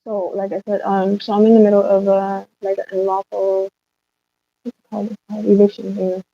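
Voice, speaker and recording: A woman pours out an emotional, rambling rant on a livestream, swearing as she goes. Her voice sits at a mid pitch. The phone audio is slightly dull and dry. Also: monotone, fairly quick, mellow, no echo. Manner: upset, rambling, swears a lot.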